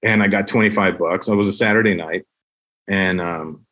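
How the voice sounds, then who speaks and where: A man's voice: low-pitched, moderate pace. Middle-aged man telling comedy anecdotes. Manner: animated, acts out other people's voices with laughs. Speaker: guest comedian. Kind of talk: casual storytelling anecdotes.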